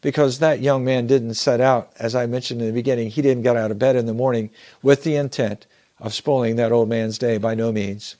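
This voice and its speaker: A man speaking in an earnest, measured way, like a motivational speaker telling a story. His voice sits at an ordinary middle pitch, and he draws out key words for weight. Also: fairly even intonation, mellow. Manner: measured, earnest, slows down for emphasis. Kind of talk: storytelling talk.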